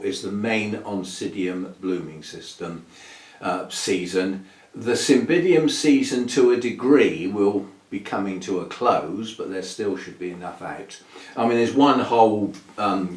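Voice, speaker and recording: Male host, low voice, meandering casual chat, echoey room. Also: distant mic. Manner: rambling and chatty, with fillers and soft laughs. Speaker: orchid channel host. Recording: echoey room, voice a bit off-mic.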